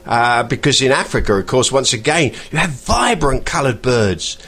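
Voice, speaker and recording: A man hosting a podcast, chatting in a rambling way and pausing to search for words. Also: mid-range voice, lively intonation, fairly bright tone, slightly rough. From England. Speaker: podcast host. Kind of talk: casual podcast monologue.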